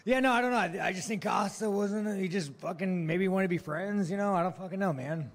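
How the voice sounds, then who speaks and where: A man's voice: high-pitched, brisk. A man answering reporters at a post-fight press conference, blunt, profane and provocative, mocking and laughing at his own jokes.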